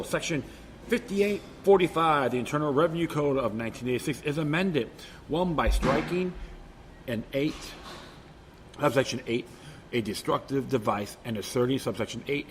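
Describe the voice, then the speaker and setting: Male commentator, slightly raised pitch, sarcastic and combative, long reverb and faint noise in the room. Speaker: political commentator. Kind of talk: reading a bill aloud with angry commentary.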